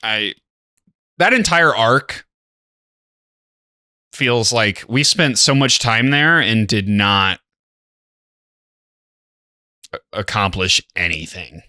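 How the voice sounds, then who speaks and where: A man's voice: on the low side, lively intonation, slow pace, pauses often, sharp tone, no echo, clean studio sound. A tired young man co-hosting a reaction show, chatting casually and sighing now and then. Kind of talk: casual chat.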